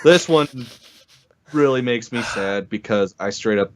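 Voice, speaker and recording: A man's voice: medium pitch, animated, a little slow, a little hiss or hum. A man co-hosting a fan podcast, talking in a laid-back, casual way with some swearing. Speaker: podcast co-host. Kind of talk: casual chat. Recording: dull lo-fi sound.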